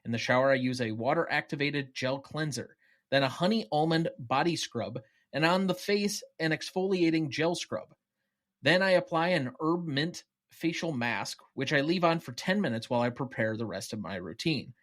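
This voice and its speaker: A vain, icy male yuppie killer listing his grooming habits, read out by a man on a podcast. The reading is plain and even, with a voice that sits somewhat high for a man. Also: moderate pace. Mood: smug. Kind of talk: reading film quotes aloud.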